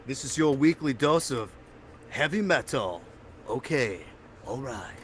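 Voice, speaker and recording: A young man hosting a casual podcast, telling rambling stories and getting loud and animated when excited. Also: medium pitch, a little slow, a little hiss or hum. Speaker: podcast host. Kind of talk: casual chat.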